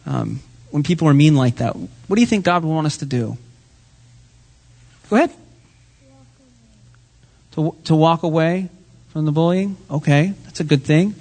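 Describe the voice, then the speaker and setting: A man's voice: fairly high pitch, darkish tone. A man giving a children's sermon in church, asking the kids friendly questions. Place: church sanctuary.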